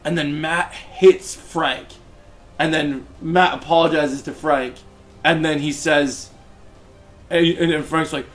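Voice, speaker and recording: A man's voice: on the high side, steady tone, slow pace, long pauses, soft background music. Enthusiastic male TV reviewer. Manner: enthusiastic, rambling. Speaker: TV show reviewer. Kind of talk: casual episode review.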